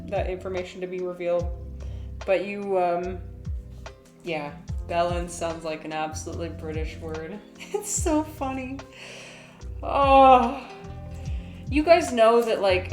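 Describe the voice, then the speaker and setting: A woman's voice: on the low side, roomy sound. A woman chatting casually on a live stream, giggling and rambling with lots of fillers.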